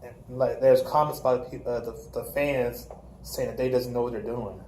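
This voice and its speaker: A man co-hosting a casual wrestling podcast, quickly interjecting and teasing his co-host. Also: mid-range voice, steady tone, darkish tone, a little hiss or hum, rough recording. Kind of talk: casual wrestling review chat.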